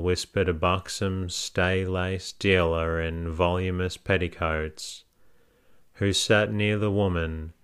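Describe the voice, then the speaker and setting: A man calmly narrating a classic novel as a soothing bedtime sleep story. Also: low voice, takes it slowly, clean tone. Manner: calm, soothing.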